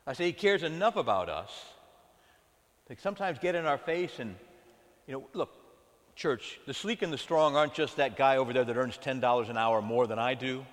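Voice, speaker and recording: A man's voice: medium pitch, moderate pace. A man preaching a sermon as pastor, calling out to his congregation and asking if they are praying with him. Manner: animated preaching, calls out to the congregation. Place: church sanctuary. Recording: long hall reverb.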